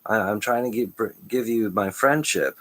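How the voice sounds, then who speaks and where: Low-voiced man rambling to camera. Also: moderate pace, fairly bright tone. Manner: stream-of-consciousness, restarts, frequent chuckles. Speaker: channel host.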